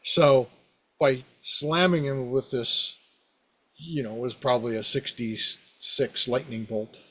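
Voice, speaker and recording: A man hosting a podcast, casually recounting a tabletop game he ran, rambling and animated with many fillers. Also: mid-range voice, slow. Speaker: podcast host, game master. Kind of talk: casual storytelling about a past game.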